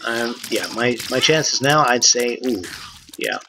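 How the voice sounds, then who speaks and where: A man's voice: mid-range voice, lively intonation, measured pace, noisy background. A man in his thirties streaming a video game, rambling through casual commentary with lots of "uh" fillers.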